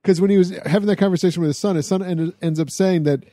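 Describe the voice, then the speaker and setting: A man in casual movie chat, excitable and swearing freely as he retells scenes. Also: high-pitched, fast talker, no echo.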